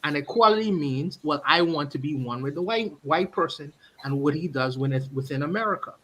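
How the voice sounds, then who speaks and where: A man's voice: fairly high pitch, lively intonation, a little fast, pushed and bright. Earnest man pressing a question. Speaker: podcast host. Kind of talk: casual discussion.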